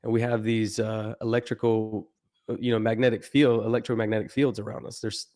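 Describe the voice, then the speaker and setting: A man's voice: lowish voice, flat delivery, a little fast, mellow. A man guest on a podcast, talking earnestly in loose, casual chat with some swearing.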